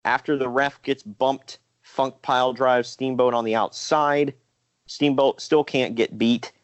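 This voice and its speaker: A man with a middle-pitched voice talks through old wrestling matches in a loose, rambling podcast chat. He leans on fillers and restarts as he recaps. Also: steady tone, unhurried. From Ohio. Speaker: podcast co-host.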